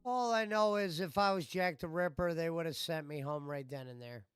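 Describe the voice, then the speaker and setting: A man's voice: a little high, moderate pace, fairly bright tone, clean tone, no room sound, clean studio sound. A man co-hosting a casual livestream chat, chiming in with short remarks and wisecracks.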